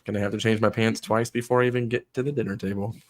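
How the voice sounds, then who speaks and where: A man co-hosting a casual podcast, throwing in crude joking asides, his voice hoarse as he loses it. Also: lowish voice, little pitch movement, fast, dry recording. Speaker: podcast co-host.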